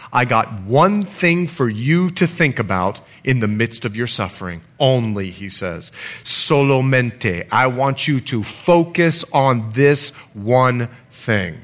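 A middle-aged man preaching a sermon as pastor, telling stories with acted-out quotes. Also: mid-range voice. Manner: storytelling with lively acted quotes.

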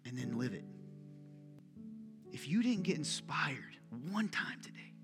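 A man's voice: on the high side, sing-song, unhurried, over music. A man preaching a sermon to a congregation, talking casually, cracking jokes and firing pointed questions at the room. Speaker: pastor. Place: large church hall.

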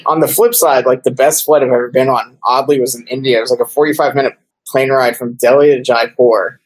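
A man's voice: mid-range voice, steady tone, a little fast, slightly rough, rough recording. Rambling casual-talking man. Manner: rambling, many fillers. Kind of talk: casual chat.

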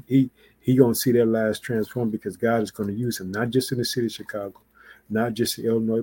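Fervent male pastor, mellow and flat. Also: fairly low pitch, husky, dry recording. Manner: fervent, repeats catchphrases, excited exhortation. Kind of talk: preaching online sermon.

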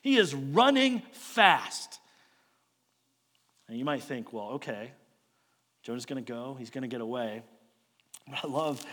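A man preaching a sermon as a storyteller, posing rhetorical questions and moving between loud emphasis and quiet asides. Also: a little high. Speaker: pastor. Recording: long hall reverb.

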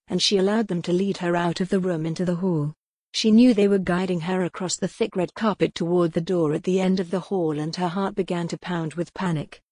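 A woman narrating a novel in a steady, measured voice that sits on the low side. The recording is close and dry, with no room sound. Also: no echo. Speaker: audiobook narrator. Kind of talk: scripted narration.

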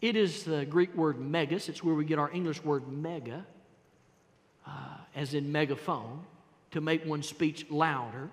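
A man preaching a sermon, dramatically moving between hushed tones and loud exclamations as he acts out the voices of Bible figures. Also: fairly high pitch, measured pace, big-room sound. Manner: dramatic, swings from hushed to shouting.

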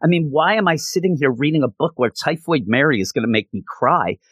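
A man's voice: a little high, expressive, brisk, fairly bright tone, husky, no room sound. A man reviewing a comic book in a casual, rambling, passionate way, with lots of fillers.

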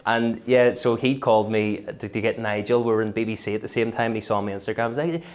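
A man with a Belfast accent, a comedian chatting as a podcast guest and telling stories in a lively way. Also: on the low side, fast talker. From West Belfast, Northern Ireland. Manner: lively storyteller who slips into voices. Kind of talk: casual interview chat.

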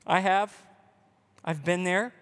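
Male pastor, high voice, impassioned sermon, long hall reverb, church. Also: fairly even intonation, takes it slowly, fairly bright tone, clean tone. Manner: impassioned preaching, voicing a complaining believer. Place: church building.

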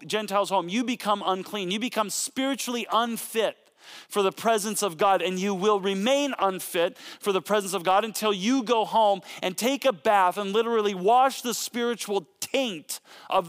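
Male pastor, high-pitched, dramatic storytelling sermon delivery. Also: a bit bright. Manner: dramatic storytelling, acting out quotes.

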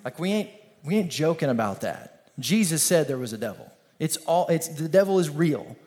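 A man pastor preaching an energetic, conversational sermon with call-and-response. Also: on the high side, normal speed.

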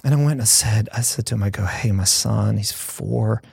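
A man with a gravelly, rough-edged voice, speaking as a pastor in a conversation. He tells his stories with earnest, emphatic feeling. The sound is dry and close, with no room around him. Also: on the low side, fairly quick, darkish tone, dry recording. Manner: earnest storytelling, heartfelt and emphatic. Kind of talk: conversational podcast talk.

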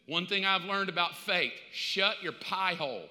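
A middle-aged male pastor preaching a sermon in a casual, animated storytelling way. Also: high voice, unhurried, few pauses. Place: church sanctuary. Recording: reverberant church hall.

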